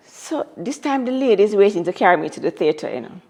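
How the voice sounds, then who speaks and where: A woman's voice: medium pitch, lively intonation, fast talker, hardly any pauses, darkish tone. A woman telling a personal story as an interview guest, dramatic and repeating phrases for emphasis.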